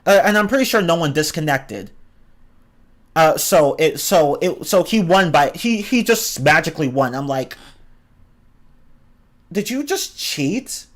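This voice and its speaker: Annoyed guy venting, kinda high voice, cursing a lot and tripping over his words. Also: expressive, moderate pace. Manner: exasperated, swears a lot, stumbles and restarts. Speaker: streamer ranting about online games. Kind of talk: casual profane rant.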